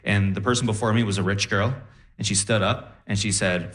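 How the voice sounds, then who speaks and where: A man's voice: fairly low pitch, a little fast. A man performing stand-up comedy, telling stories and acting out the voices of the people in them. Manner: animated storyteller, acts out voices. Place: comedy stage with live audience. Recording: roomy venue echo.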